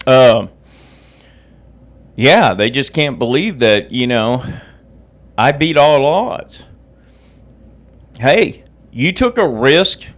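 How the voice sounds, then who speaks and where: A middle-aged man hosts his own podcast, ranting angrily and profanely just after waking up, coffee in hand. His medium-pitched voice is sing-song, with drawn-out words and long pauses.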